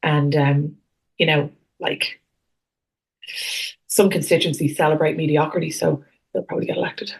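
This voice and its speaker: Deep-voiced woman, wry political chat. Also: fairly even intonation, normal speed, creaky, pauses often. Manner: blunt, wry opinions with dry humour. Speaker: podcast co-host.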